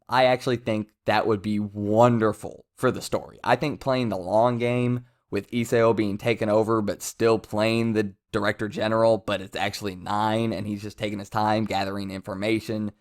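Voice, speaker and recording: A man giving casual commentary as a manga reviewer, rambling with self-interruptions and amused asides. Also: fairly low pitch.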